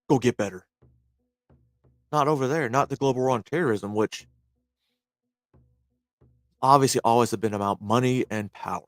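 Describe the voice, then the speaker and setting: A man's voice: mid-range voice, normal speed, long pauses, no room sound, studio quality, faint music behind. Blunt, foul-mouthed man telling war stories. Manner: blunt, swears freely, acts out quoted reactions. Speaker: army veteran reacting to a clip. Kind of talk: casual profane storytelling.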